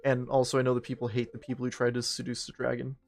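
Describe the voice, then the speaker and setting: He speaks fast in a mid-range, creaky voice with an utterly flat delivery. A young man streaming a game rambles through a profane, self-deprecating story, with game music faintly audible in the background, just casual gaming chatter.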